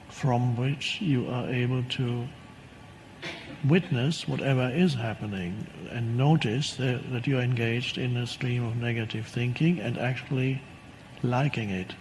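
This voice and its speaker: A man giving a reflective spoken teaching talk as a spiritual teacher, unhurried and thoughtful. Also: mid-range voice, darkish tone, a little hiss or hum, poor audio. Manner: unhurried and reflective, acts out quoted voices.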